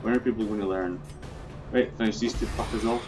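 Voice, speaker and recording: A man's voice: on the low side, fairly even intonation, a little fast, music in the background. A man casually commenting on his own gameplay, chatty, swearing freely and talking through his plans. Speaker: video game let's player.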